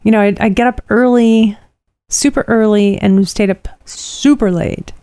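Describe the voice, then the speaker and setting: Chatty middle-aged woman, warm dry voice. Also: mid-range voice, fairly even intonation, measured pace, smooth, no room sound. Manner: rambling and chatty, many fillers. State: tired. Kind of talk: casual chat, personal storytelling.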